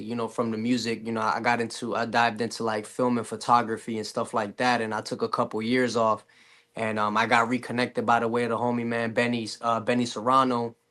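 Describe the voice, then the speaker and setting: A man's voice: medium pitch, flat delivery, fairly quick, fairly bright tone. A man, a rapper guest, chatting casually in an interview, loose and full of fillers. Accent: Canadian English. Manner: laid-back, loose with fillers.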